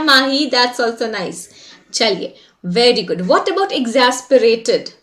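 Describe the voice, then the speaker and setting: A woman teacher with an Indian English accent runs a live vocabulary lesson online. Her voice is high. She calls students by name and drops into fast Hindi to explain words. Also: fairly bright tone.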